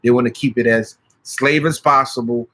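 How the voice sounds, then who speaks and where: A man telling stories as a spiritual practitioner, excitable and swearing freely. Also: mid-range voice, moderate pace. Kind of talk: animated storytelling.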